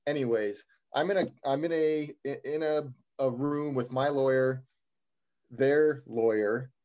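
A man's voice: medium pitch, unhurried, dull audio. A young man telling a personal story on a podcast in a casual, rambling way, with fillers and wry humor. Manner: rambling, self-deprecating humor, many fillers.

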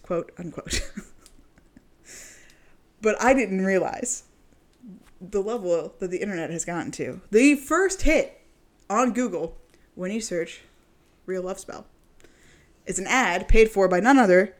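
A woman's voice: medium pitch, animated, unhurried, long pauses. A woman talks her way through a casual podcast conversation with her co-hosts. She leans on "like" as she talks and laughs easily as she goes. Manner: chatty, uses "like" a lot, laughs easily. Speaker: podcast co-host. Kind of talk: casual group chat.

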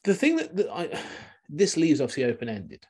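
A male podcast host talks in a loose, casual chat. His voice is husky, and his sentences ramble and restart with the odd chuckle. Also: on the high side, wildly swooping pitch, moderate pace, darkish tone. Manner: rambling, self-interrupting, chuckling.

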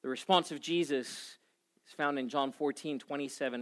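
A man in his forties preaching a sermon to a congregation, telling a personal story with animated swings in energy. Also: medium pitch, moderate pace. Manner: animated storytelling, acting out his own panic. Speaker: pastor.

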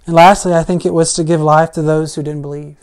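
This conversational sermon comes from a preacher with a mid-range, fairly flat voice who talks fast. They recount a story in ordinary language, frequently using "like" and "I mean," and get louder when hitting key points.

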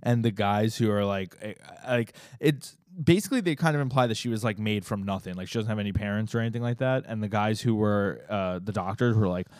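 A man's voice: lowish voice, brisk, hardly any pauses, a little mellow, no echo, studio quality. A man co-hosting a podcast, chiming in with jokey asides and laughs in casual chat. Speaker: podcast co-host.

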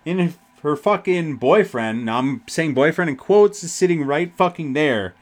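A young man hosting a podcast, rambling through a festival story with constant swearing and animated retelling. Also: a little high, measured pace. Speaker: podcast host. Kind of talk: casual storytelling.

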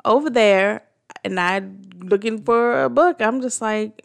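Woman, gravelly fry, casual storyteller who acts out the quotes. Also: measured pace. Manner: animated storytelling, acting out quotes with pitch jumps. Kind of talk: casual chat.

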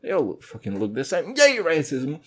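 A man's voice: a little high, wildly swooping pitch, normal speed, husky. Young guy rambling on his podcast, swears a ton, voice jumps all over the place. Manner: rambling, swearing, jumps between loud and quiet, mock voices and singing. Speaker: podcast host. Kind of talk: casual profane monologue.

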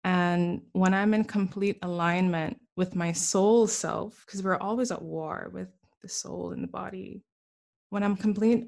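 A woman's voice: fairly low pitch, vocal fry. A woman with a Caribbean accent, a musician and healer speaking earnestly and reflectively as a guest, with easy laughter. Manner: earnest, soulful, laughs easily. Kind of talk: reflective podcast conversation.

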